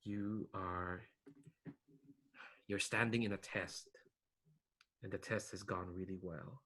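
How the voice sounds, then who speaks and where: A man voicing a chiding ghost mentor, soft and slow. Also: sits low, fairly even intonation, full character voice, low-quality recording. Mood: ominous. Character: ghostly male alchemist mentor, chiding and regretful.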